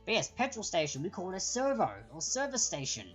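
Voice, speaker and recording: A woman's voice: mid-range voice, big pitch swings, fast talker, soft background music. An Australian woman hosting a live-streamed trivia quiz, chatty and explanatory as she reads out the answer options. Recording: dull lo-fi stream audio.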